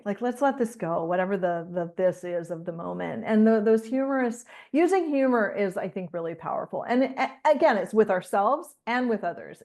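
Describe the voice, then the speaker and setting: Female guest, spiritual teacher, middle-aged, steady and reflective. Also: medium pitch. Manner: calm, measured, thoughtful. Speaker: spiritual coach and author, guest.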